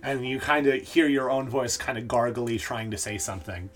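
A game master narrating a tabletop role-playing session in an animated, casual way, often using fillers. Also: medium pitch, moderate pace, faint music behind.

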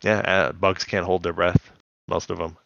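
A man's voice: sits low, flat delivery, moderate pace, vocal fry, a bit bright, no echo, highs cut off. A man co-hosting a casual chat, recapping a cartoon episode and laughing often. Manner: laughs often, recaps scenes in acted quotes. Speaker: podcast co-host.

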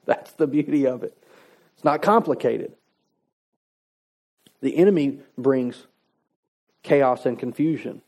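Warm-voiced man preaching a sermon. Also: medium pitch, takes it slowly, pauses often. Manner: conversational preaching, folksy asides. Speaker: pastor.

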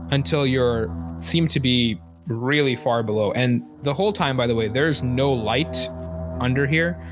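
A man narrating a tabletop game as game master, relaxed and rambling, with lots of fillers and quick laughs. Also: mid-range voice.

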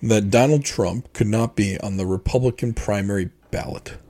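A man's voice: fairly low pitch, moderate pace, mellow. A man co-hosting a casual podcast chat, explaining things in an opinionated way with frequent fillers and restarts. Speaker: podcast co-host.

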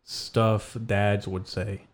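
Low-voiced man, dry and deadpan. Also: extremely slow. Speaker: podcast host. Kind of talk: casual chat.

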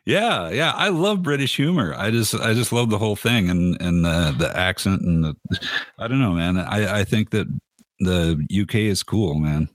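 A man from Los Angeles, a guest on a casual podcast, who talks eagerly and excitably. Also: on the low side, moderate pace, no echo, studio quality.

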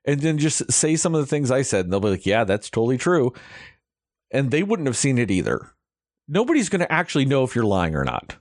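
A man's voice: on the high side, darkish tone, no room sound, studio quality. A young man hosting a podcast, ranting about a movie in casual, heavily profane chat. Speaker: podcast host reviewing a movie.

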